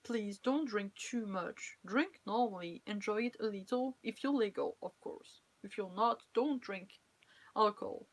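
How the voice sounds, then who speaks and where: A woman's voice: medium pitch, unhurried. Chatty young French woman streaming. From France. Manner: chatty, playful, laughs often, teasing. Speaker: cosplayer streamer. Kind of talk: casual live-stream chat.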